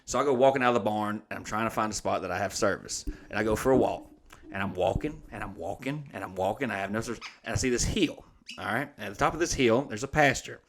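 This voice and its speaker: Man, podcast host, casual comedic storytelling, animated, profane. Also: fairly low pitch, quick pace, a little hiss or hum. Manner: animated, loose and profane, acts out each moment of the story.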